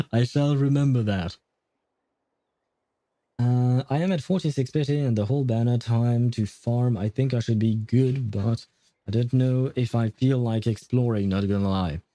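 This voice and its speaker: Rambling streamer, dark dry voice. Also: male voice, medium pitch, dry recording. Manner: rambling, self-correcting, chuckling. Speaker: game streamer. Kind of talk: casual chat while playing.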